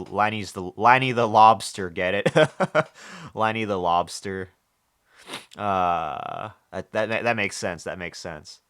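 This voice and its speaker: A man's voice: fairly low pitch, slow pace, fairly bright tone, smooth. A man live-streaming, chatting casually with viewers, joking, swearing and often restarting his sentences. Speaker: livestreamer reading chat.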